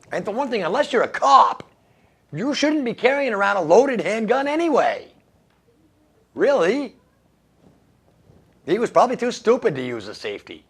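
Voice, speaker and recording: A man's voice: sits high, vocal fry, fairly bright tone, breathy edge. A man hosting a radio show, reading odd news stories and making wry jokes about them, laughing at his own lines. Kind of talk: casual comedic news commentary.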